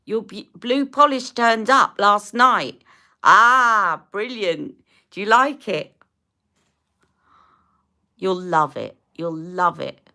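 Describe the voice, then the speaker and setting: A woman's voice: mid-range voice, expressive, slow, long pauses, pushed and bright. A woman in her fifties chatting casually as a beauty live-stream host, rambling while answering viewers' comments and putting on makeup.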